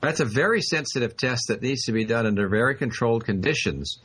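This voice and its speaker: A man hosts a radio health call-in show as the resident doctor. His husky voice moves over a wide pitch range. He explains things with confident authority. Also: animated, fast talker, a bit bright.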